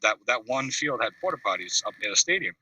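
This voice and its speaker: Man, animated storyteller, bright slightly husky voice, video call audio, distant from mic. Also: mid-range voice, fast talker, no room sound. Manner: lively storyteller, acts out voices, laughs at his own story. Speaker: call-in show host.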